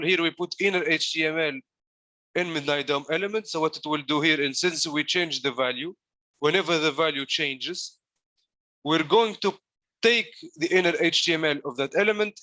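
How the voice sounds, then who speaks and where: A man's voice: fairly high pitch, sharp tone, no echo. A man coaching a class through code in a live walkthrough, explaining each step while demonstrating it. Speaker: coding coach.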